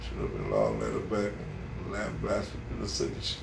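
An older man answering interview questions in a rambling, folksy way, with a gravelly voice. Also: sits low, big pitch swings, a little fast. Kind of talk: casual dialect interview. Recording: echoey room, distant mic, noisy.

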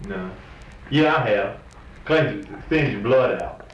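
A man's voice: mid-range voice, animated, slow pace. A young man, asking questions in a casual interview in a hesitant, friendly way, filled with ums and uhs. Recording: distant, roomy field tape with hiss.

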